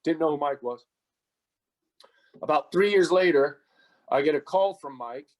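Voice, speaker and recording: A man's voice: on the high side, unhurried, a little mellow, lo-fi sound. A middle-aged man from the United States, a podcast guest and goalkeeper coach, telling long casual stories with plenty of fillers and restarts. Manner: rambling anecdotes with many fillers and restarts. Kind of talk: casual storytelling interview.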